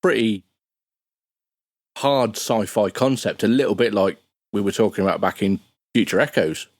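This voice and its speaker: A man's voice: fairly low pitch, normal speed, no echo, clean studio sound. A man chatting as a guest on a podcast, rambling and restarting his sentences. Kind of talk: casual podcast chat.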